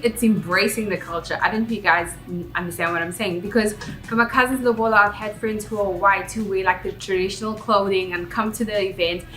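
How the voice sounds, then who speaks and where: A woman's voice: medium pitch, a bit bright. A young South African woman with a South African accent, talking candidly and reflectively in a chatty vlog. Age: young adult. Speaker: vlogger. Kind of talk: casual vlog talk. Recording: roomy echo, faint background music.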